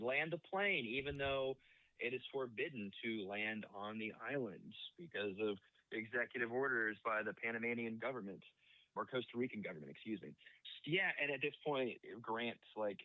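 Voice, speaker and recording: A man's voice: mid-range voice, moderate pace, no echo. Man chiming in over a tinny line. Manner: chimes in with details, checking facts with "correct?". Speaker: podcast co-host. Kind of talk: casual movie recap chat. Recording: dry tinny phone-like sound.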